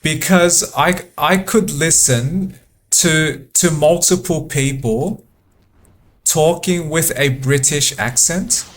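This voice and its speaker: A man giving relaxed gameplay commentary, thinking aloud in a halting way and repeating words often. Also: on the high side, slight background noise. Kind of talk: relaxed let's-play commentary.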